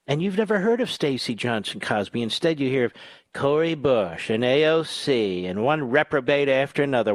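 A man's voice: expressive, moderate pace, no echo. Combative male talk radio host. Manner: combative, sarcastic, swings from loud outbursts to low asides.

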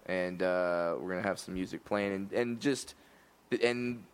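A man's voice: sits low, unhurried, clean tone. A young man co-hosting a comedy chat, rambling and self-deprecating with many restarts.

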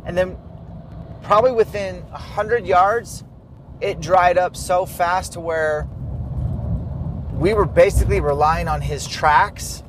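A man's voice: high voice, slow pace, pauses often, background noise. A man casually retelling a hunting trip, acting out quoted dialogue. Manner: lively, acts out quoted dialogue. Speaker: hunter telling a hunting story. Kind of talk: casual storytelling chat.

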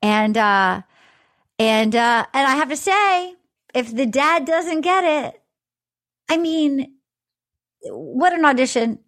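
A woman with a high voice hosts a casual recap chat. She gets animated and acts out what people said in big, exaggerated voices. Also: slow, long pauses. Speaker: podcast host.

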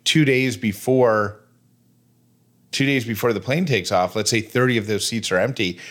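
A man's voice: fairly low pitch, moderate pace, a bit bright. A man in his thirties co-hosting a podcast in casual chat, playful and jokey. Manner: jokey, playful, puts on a mock Australian voice. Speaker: podcast co-host.

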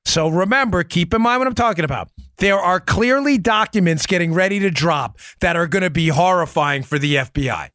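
A man hosts a political commentary show, pressing his points with emphatic rhetorical questions and checking in with his co-host. His voice sits fairly high for a man. The sound is dry and close, with no room echo. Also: a little fast, hardly any pauses, a bit bright. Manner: talks to his co-host by name. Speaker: podcast host.

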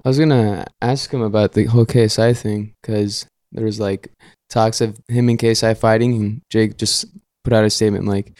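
A man's voice: fairly low pitch, flat delivery, brisk, gravelly, hardly any pauses, a little mellow, no echo, studio quality. A man co-hosting a podcast in casual chat, joking and ribbing the others.

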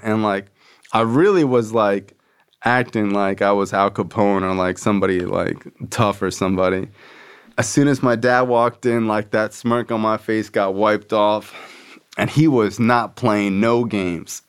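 Low smooth-voiced man telling a story. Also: normal speed. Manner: loose and profane, acts out quoted voices. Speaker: podcast host. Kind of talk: casual storytelling.

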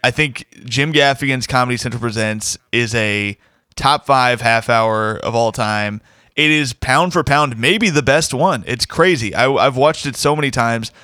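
A man's voice: medium pitch, a little slow, bright, forceful tone, dry recording, studio quality. A man hosting a podcast, chatting casually and enthusiastically, rambling with fillers. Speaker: podcast host. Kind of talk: casual chat.

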